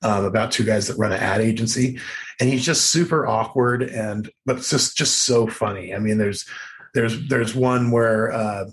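A man's voice: fairly low pitch, moderate pace, a little hiss or hum. Rambling casual man chatting about movies. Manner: rambling, full of fillers, laughs often, acts out quoted lines.

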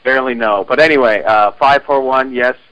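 A laid-back man from Oregon leaves a rambling voicemail. His voice comes through dull and lo-fi, with a middle pitch. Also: a little fast, a bit bright. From Oregon, USA. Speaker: caller. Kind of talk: casual voicemail.

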